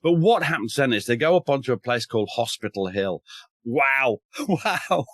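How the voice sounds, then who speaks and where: Eager historian, dry sound. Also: male voice, medium pitch, expressive, quick pace, darkish tone, no echo. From north of England. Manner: enthusiastic, wry humor, mild swearing, frequent restarts. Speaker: historian and author. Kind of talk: casual podcast chat.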